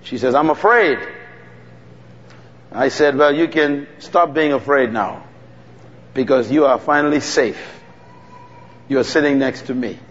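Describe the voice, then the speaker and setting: A man preaching a sermon, telling stories with dramatic pauses and calling out to the congregation. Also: mid-range voice. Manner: animated storytelling with dramatic pauses and call-and-response. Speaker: pastor. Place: church hall. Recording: dull sound with long hall reverb.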